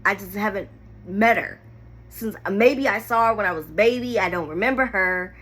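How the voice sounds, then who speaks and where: A woman with a bright, forceful voice shares a painful personal story to camera. She talks candidly and animatedly, fighting back tears at moments. Her delivery is vivid and heartfelt. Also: mid-range voice, moderate pace, slightly rough. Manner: emotional, candid, animated retelling. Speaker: storyteller vlogger.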